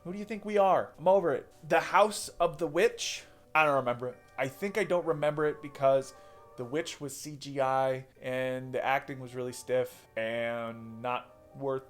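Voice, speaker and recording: A man's voice: medium pitch, moderate pace, faint music behind. A man casually reviewing horror movies, rambling, swearing and correcting himself as he goes. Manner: rambling, profane, self-correcting.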